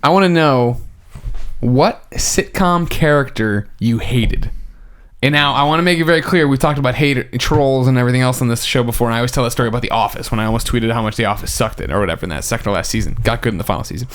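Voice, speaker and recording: A man's voice: mid-range voice, fast, a bit bright. A man co-hosting a podcast, ranting emphatically in casual chat. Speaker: podcast co-host.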